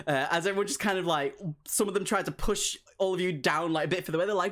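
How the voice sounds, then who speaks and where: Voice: mid-range voice, a little fast, a bit bright. A game master narrating a tabletop horror game in a loose, rambling way, full of "um" and "like".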